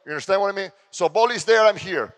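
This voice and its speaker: A man with an Italian accent running a basketball clinic on court, giving brisk drill commands and sometimes shouting cues. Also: high-pitched. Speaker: basketball coach. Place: large indoor gym. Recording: long gym reverb.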